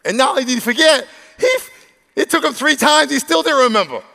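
Lively, high-pitched preaching man. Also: fast talker, creaky. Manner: humorous, conversational, acts out voices. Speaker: pastor. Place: large church hall. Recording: long echo of a big hall.

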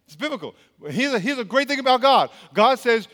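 A man's voice: very high-pitched, very animated, a little fast, hardly any pauses, a bit bright, big-room sound. A man preaching a sermon as pastor, speaking emphatically and quizzing the congregation with questions.

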